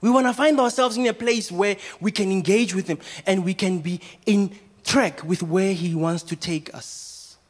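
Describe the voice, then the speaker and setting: Man, pastor, high voice, preaching, rhetorical questions. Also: normal speed, few pauses. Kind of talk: sermon.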